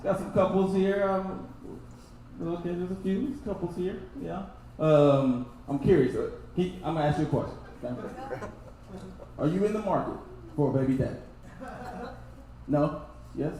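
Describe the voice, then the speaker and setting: A man's voice: on the high side, moderate pace, pauses often, mellow, distant mic. A man doing stand-up crowd work at a live show, teasing the audience in a casual, slangy way. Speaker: stand-up comedian. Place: small comedy show venue. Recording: echoey room with audience.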